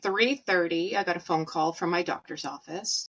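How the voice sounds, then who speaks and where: A woman's voice: on the low side, normal speed, a bit bright, slight background noise, poor audio. A woman in her thirties hosting a podcast, telling a personal story in a blunt, profane, casual way and laughing at her own jokes. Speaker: podcast host.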